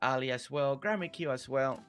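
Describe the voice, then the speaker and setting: A man's voice: medium pitch, moderate pace, soft background music. A man live-streaming a farming game, chatting casually with his viewers and thanking them by name. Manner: friendly, reads chat aloud, warm thanks to viewers.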